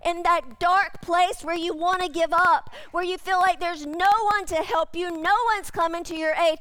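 A woman's voice: extremely high pitch, steady tone, normal speed, hardly any pauses, pushed and bright, no echo. A woman pastor preaching a sermon, speaking emphatically and repeating her key phrases again and again.

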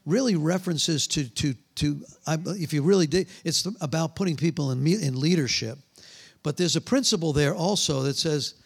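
Gravelly-voiced man telling stories in a sermon. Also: on the high side. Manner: animated storyteller acting out voices, trailing off mid-sentence. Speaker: pastor. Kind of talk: sermon with storytelling and prayer.

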